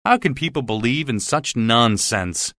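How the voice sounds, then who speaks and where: A man's voice: medium pitch, lively intonation, unhurried, fairly bright tone, dry recording, studio quality. A man doing a scornful young scientist. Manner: scornful and dismissive. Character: tall, thin young male scientist, scornful.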